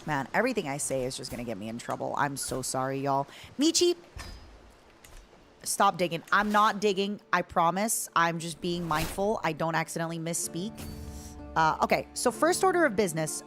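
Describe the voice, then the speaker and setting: A woman's voice: fairly low pitch, animated, normal speed. A woman streaming a strategy game, chatting in a playful, joking way with her viewers over faint background music. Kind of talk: casual gameplay chat.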